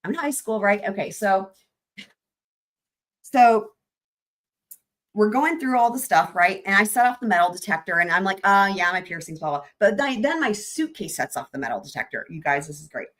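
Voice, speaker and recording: A woman's voice: medium pitch, sing-song, normal speed, long pauses. A young adult woman hosting a livestream, telling a story in casual chat, laughing often and swearing freely. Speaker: livestream host.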